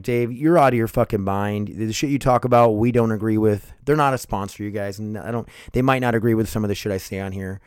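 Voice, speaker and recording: A man's voice: mid-range voice, clear, resonant tone, no echo, clean studio sound. A man hosting his own podcast in loose, rambling, profane chat, sleepy and yawning, calling his listeners "you guys" and "dude.". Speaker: podcast host.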